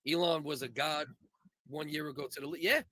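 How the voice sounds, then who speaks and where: A man's voice: fairly high pitch, fairly even intonation, fairly quick, bright, forceful tone, no echo. A man hosting a casual comedy podcast, talking in a rambling, profane, opinionated way. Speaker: podcast host.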